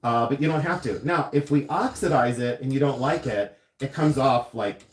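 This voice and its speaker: Chatty male craft host, rambling storyteller, mid-pitched voice, echoey workshop. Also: moderate pace. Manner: chatty, rambling storyteller who goes on tangents. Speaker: silversmith livestream host. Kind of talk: casual chat while demonstrating jewelry making. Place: jewelry studio.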